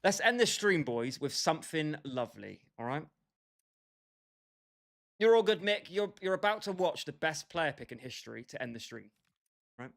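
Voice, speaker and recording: A man's voice: a little high, big pitch swings, moderate pace, vocal fry, pauses often, fairly bright tone. A young British man casually chatting with his livestream viewers, bantering with them by name and laughing often. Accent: British English. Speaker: streamer.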